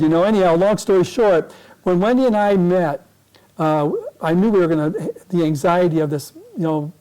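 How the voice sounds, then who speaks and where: High-voiced man telling a rambling story. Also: warm tone, poor audio. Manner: rambling, self-correcting storyteller. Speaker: guest speaker. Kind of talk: storytelling talk to a club. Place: club meeting room.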